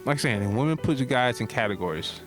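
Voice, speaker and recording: A man co-hosting a casual podcast, joking and teasing as he talks at an ordinary, middle pitch. Faint music plays under the conversation. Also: fast. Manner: joking, teasing, animated with laughter. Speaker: podcast co-host.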